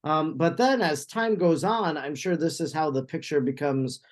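Host, man, fairly high voice, rambling conversational interviewer. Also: normal speed. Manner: long, winding questions with restarts.

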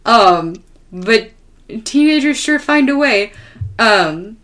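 A woman's voice: a little high, takes it slowly. Exasperated young woman podcast host. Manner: exasperated, profane, animated retelling. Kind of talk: casual comedic storytelling.

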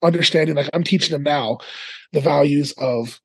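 A man chatting as a podcast guest, telling animated stories and laughing often, over a remote call mic. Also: a little high, moderate pace, husky, no room sound. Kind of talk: casual podcast chat.

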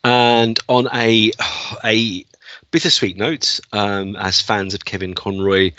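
Bright-voiced man chatting about films. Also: fairly low pitch, little pitch movement, slow pace, dry recording. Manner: enthusiastic, rambling with fillers. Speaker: podcast co-host. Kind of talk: casual film chat. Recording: dull, dry lo-fi sound.

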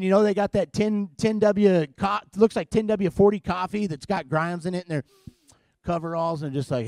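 A middle-aged man preaching in a comic storytelling way, self-deprecating and full of halting restarts. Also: high-pitched, steady tone, gravelly, darkish tone, dry recording, clean studio sound. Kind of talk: comedic sermon storytelling.

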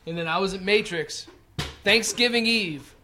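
A man's voice: sits high, moderate pace, bright, forceful tone, slight background noise. A man in his thirties, co-hosting a podcast, tells rambling, profane stories and acts out the quotes. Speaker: podcast co-host. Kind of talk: casual podcast chat.

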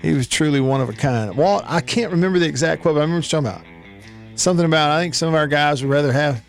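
A man's voice: a little high, animated, fast talker, soft background music. Man hosting radio sports talk. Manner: reads listener texts aloud, chuckling often. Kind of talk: casual call-in radio chat. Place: radio studio. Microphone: studio microphone.

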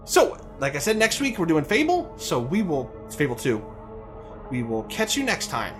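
A man co-hosting a casual video game podcast, chatting in a jokey, animated way with frequent fillers and laughs. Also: fairly high pitch, moderate pace, faint music behind. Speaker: podcast co-host. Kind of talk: casual chat.

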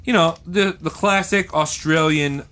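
A man's voice: fairly high pitch, a little slow, pushed and bright. A man co-hosting a comedy podcast, telling an improvised story in a rambling, giggly, slangy way. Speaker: podcast co-host.

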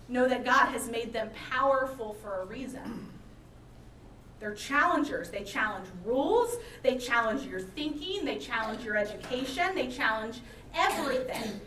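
A woman pastor preaching a sermon in a church, with lively, dramatic storytelling. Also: fairly high pitch, echoey room, recorded from a distance, a little hiss or hum, rough recording. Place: church sanctuary.

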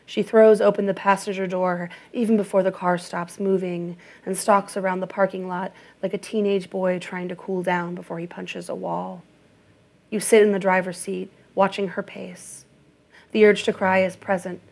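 A woman reading an audiobook in a measured, even narration. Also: lowish voice, vocal fry.

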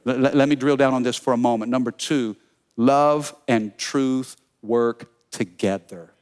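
A man preaching a sermon as pastor, energetic, telling funny stories and calling out to the congregation. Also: mid-range voice, unhurried, clear, resonant tone. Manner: energetic preaching with call-and-response; storytelling with humor.

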